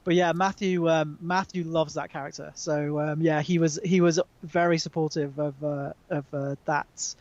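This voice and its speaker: British male guest, slightly high voice, halting, on a muffled dry call line. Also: fairly even intonation, darkish tone, dry recording. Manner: hesitant, many ums, chatty. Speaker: magazine editor, guest. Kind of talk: casual chat over a call. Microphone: remote call.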